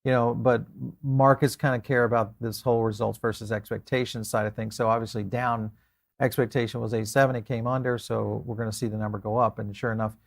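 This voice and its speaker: A man hosts a finance interview in a mid-pitched, strongly gravelly voice. His questions ramble and hesitate before he gets to the point. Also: level tone, brisk. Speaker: interview host.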